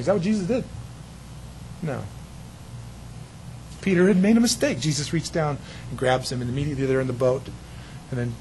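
A man preaching a sermon in a lively storytelling way, dropping to hushed tones and rising to loud bursts. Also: on the high side, a little fast, long pauses, a little hiss or hum, poor audio. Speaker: pastor.

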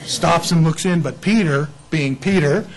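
A man preaching an Easter sermon in a lively way, acting out the people in the story. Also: a little high, unhurried, poor audio. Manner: animated, acts out bible figures. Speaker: pastor.

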